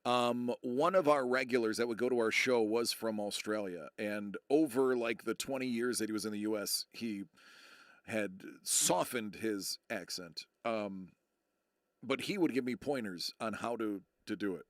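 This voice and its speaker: A man's voice: on the low side, unhurried, no echo, clean studio sound. A middle-aged American man chatting casually on a live stream, rambling and joking about himself, full of fillers and restarts. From United States. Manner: rambling, self-deprecating, many fillers and restarts.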